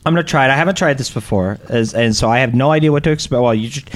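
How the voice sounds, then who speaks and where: A man's voice: medium pitch, racing. A man hosting a community radio show, chatty and joking, often restarting his sentences. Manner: chatty, jokey, stumbles and restarts. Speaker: radio host. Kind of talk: casual on-air chat.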